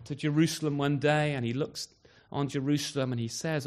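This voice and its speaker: A man's voice: on the high side, steady tone, brisk. A man preaching a sermon at an evening service, emphatic, often closing points with rhetorical tag questions like "isn't he?".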